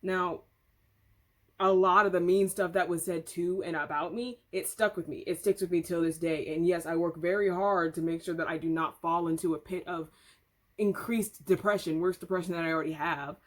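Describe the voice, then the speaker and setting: Woman vlogging from home, lowish voice, rambly and opinionated storytime chat. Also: steady tone, moderate pace. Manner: chatty, candid, opinionated, rambling. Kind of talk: casual storytime commentary. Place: home room.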